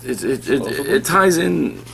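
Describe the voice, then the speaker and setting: A man's voice: mid-range voice, very animated, unhurried, creaky, a bit bright. Rambling, stammering man reviewing comics. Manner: rambling, stammers and restarts often. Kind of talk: casual podcast chat.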